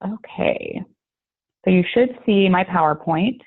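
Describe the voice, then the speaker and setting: A woman's voice: fairly low pitch, expressive, a little slow, gravelly, breathy edge. A woman giving a friendly, chatty online training talk over a video call, with many fillers. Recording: tinny phone-like call audio.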